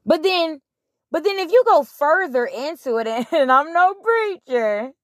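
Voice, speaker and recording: Woman host, unhurried delivery, dry close sound, blunt and profane. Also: sits high, no room sound. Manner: animated, blunt, profane, retelling scripture in her own words. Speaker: podcast host. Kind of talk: casual spiritual monologue.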